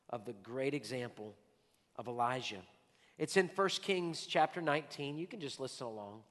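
Pastor preaching in a reverberant hall. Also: male voice, fairly high pitch. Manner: swings from loud urgent calls to hushed whispers. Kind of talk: sermon. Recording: long reverb of a large hall.

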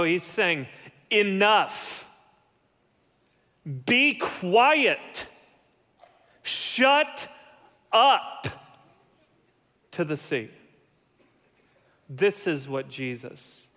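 Preaching man in a reverberant hall. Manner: animated preaching, drops to soft low tones for emphasis. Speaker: pastor. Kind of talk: sermon.

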